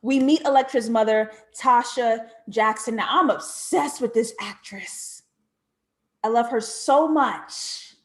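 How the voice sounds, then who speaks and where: American woman, TV reviewer, fairly high voice, expressive, reflective, playful asides. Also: slow pace. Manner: reflective and questioning. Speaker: TV show reviewer. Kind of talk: animated video review commentary.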